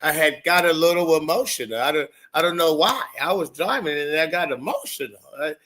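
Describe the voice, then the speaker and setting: Excitable man hosting a stream. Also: fairly high pitch, a little fast. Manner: excitable, repeats himself, stumbling restarts. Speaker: show host. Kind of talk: casual livestream commentary.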